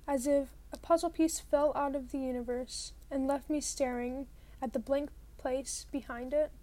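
High-pitched woman reading a novel out loud, plain narration, redoes a line now and then. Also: steady tone, normal speed. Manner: plain first-person narration with occasional retakes. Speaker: audiobook reader.

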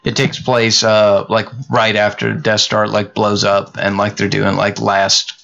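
A man's voice: lowish voice, monotone, a little slow, vocal fry, sharp tone. A man co-hosting a podcast in casual chat, rambling with lots of filler words. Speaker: podcast co-host. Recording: slightly muffled audio.

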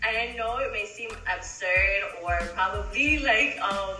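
A woman's voice: medium pitch, a little slow, pushed and bright, roomy sound, distant mic, soft background music, low-quality recording. A woman hosting a podcast, chatting candidly about motherhood and laughing often. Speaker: podcast host. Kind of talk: casual podcast chat.

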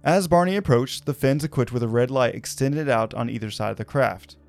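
A man's voice: mid-range voice, fairly quick, gravelly, a little mellow. Casual male podcast storyteller. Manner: casual, with fillers like "kinda, like". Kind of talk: conversational narration of a paranormal story.

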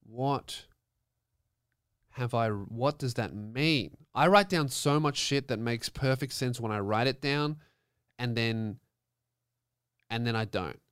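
A young man rants casually on his own podcast, swearing freely and putting on mock outrage. His voice is smooth and resonant, and the sound is dry and close with no room around it. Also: medium pitch, takes it slowly, pauses often, a bit bright, no room sound. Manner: profane, rambling, mock-indignant. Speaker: podcast host. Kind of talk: casual solo podcast rant.

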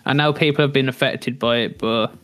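A man's voice: medium pitch, fairly even intonation, a little fast, fairly bright tone, soft background music. A man from the Black Country with a strong Black Country accent, hosting a casual podcast interview in a laid-back way. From Black Country, England. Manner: laid-back, laughs often. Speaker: podcast host.

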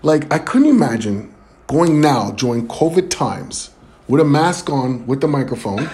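A man performing a stand-up comedy set, telling a story in an animated way with laughs and quick acted quotes. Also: medium pitch. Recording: loud crowd and noise behind. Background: crowd laughter and room noise.

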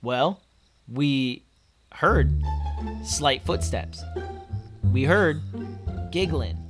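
A man's voice: a little high, extremely slow, music in the background. Easygoing man co-hosting a podcast. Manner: relaxed, easygoing storyteller with frequent laughs. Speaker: podcast co-host. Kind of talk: casual chat.

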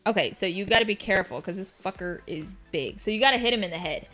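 Bright-voiced young woman, candid chat. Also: mid-range voice, expressive, fast, soft background music. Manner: swearing, candid, chatty. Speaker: host streaming a game. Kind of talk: casual chat.

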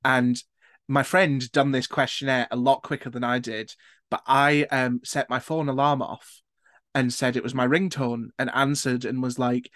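A man's voice: medium pitch, flat delivery, moderate pace, fairly bright tone, no room sound. Chatty British man, dry sound. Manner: chatty, candid and swearing. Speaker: podcast host. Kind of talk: casual interview chat.

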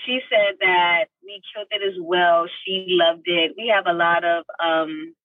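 A young adult woman, an actress guest on a podcast, telling her story with feeling, acting out quoted lines with big leaps in pitch. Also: a little slow, dry recording, distant mic, phone-quality sound. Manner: animated, emotional, acts out quotes with big pitch jumps; heartfelt, faith-filled tone.

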